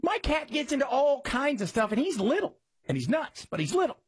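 A man's voice: big pitch swings, a little fast, a little hiss or hum. A man hosting a talk radio show, chatting casually and rambling, his voice jumping up for emphasis. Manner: conversational, rambling, jumps up in pitch for emphasis. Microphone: studio mic.

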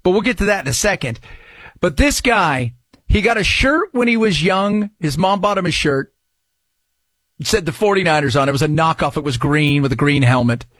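A man hosting a talk radio show, riffing in an excitable, jokey way. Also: fairly high pitch, normal speed, no room sound, clean studio sound. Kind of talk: casual talk radio commentary.

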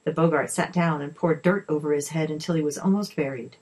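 Woman reading a kids story, kinda low and husky, steady expressive read. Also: brisk, hardly any pauses, rough recording. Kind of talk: reading a children's story aloud.

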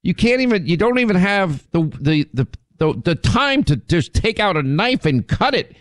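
A man's voice: high-pitched, normal speed, no echo. Rambling, teasing male talk host. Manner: rambling, teasing, animated storyteller with many restarts. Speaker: radio talk show host. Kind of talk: casual on-air storytelling.

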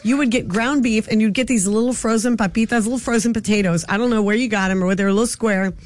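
A woman in her forties hosts a casual radio chat. Her voice sits high, and she talks in a warm rush, teasing and laughing between thoughts. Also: steady tone, quick pace. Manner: chatty, teasing, laughs often. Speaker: radio show host.

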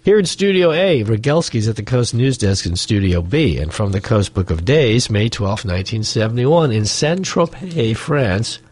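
A man hosting a morning radio show in the studio, hoarse from a cold, talking in a wry, rambling way with joking asides. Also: fairly low pitch, very animated, moderate pace, few pauses, a little mellow. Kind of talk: casual radio banter.

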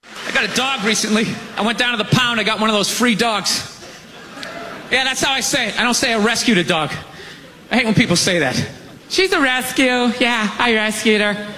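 A man doing a stand-up comedy bit, loud and incredulous, mocking people he describes. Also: sits high, fairly quick.

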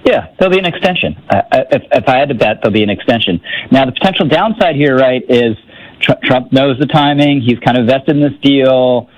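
A man's voice: mid-range voice, brisk, muffled recording. A man giving political commentary on a talk radio show, wry and skeptical, often restarting his sentences.

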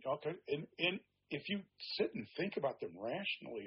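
Husky older man, reflective and rambling. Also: fairly high pitch, sing-song, fairly quick, highs cut off. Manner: reflective, rambling, emphatic with asides. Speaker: author guest. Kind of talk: conversational interview.

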